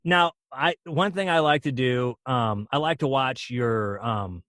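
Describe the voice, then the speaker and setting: A man's voice: mid-range voice, unhurried, fairly bright tone, no room sound, studio quality. A man hosting a podcast interview, enthusiastic and admiring toward his guest. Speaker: podcast host. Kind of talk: casual interview chat.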